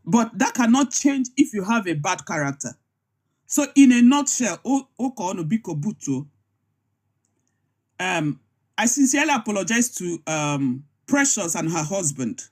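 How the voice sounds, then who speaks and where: A man's voice: sits high, big pitch swings, moderate pace, roomy sound. A Nigerian man speaking emotionally and emphatically in a live online discussion. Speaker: participant apologizing in a live chat.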